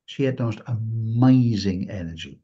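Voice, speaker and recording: A man telling a personal story during a talk, animated and acting out the lines of the people he quotes. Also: on the low side, moderate pace, breathy edge, soft background music. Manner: animated, acts out quotes in a raised voice. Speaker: guest speaker. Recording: dull lo-fi recording.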